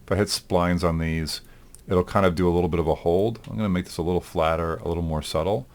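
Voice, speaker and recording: A male animation instructor in a recorded lecture, talking through his work aloud in a relaxed way, with frequent ums. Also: deep voice, fast. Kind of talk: recorded lecture demonstrating software.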